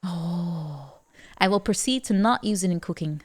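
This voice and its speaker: A woman streams a strategy game and chats playfully, her low voice breathy and lively in intonation at a measured pace. She reacts animatedly, stammers and repeats words, and laughs between remarks in this casual live game-stream chat.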